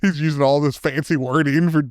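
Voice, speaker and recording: A man's voice: fairly high pitch, steady tone, brisk, no room sound, studio quality. A man co-hosting a podcast, casually retelling a comic story, laughing often as he quotes the characters. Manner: laughs often while retelling, mimics characters' lines loosely. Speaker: podcast co-host.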